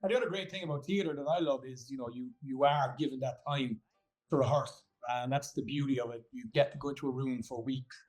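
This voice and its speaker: A man from Ireland with a softened Irish accent, chatting casually as an interview guest, rambling with fillers and restarts. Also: mid-range voice, fast talker, poor audio. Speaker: guest actor.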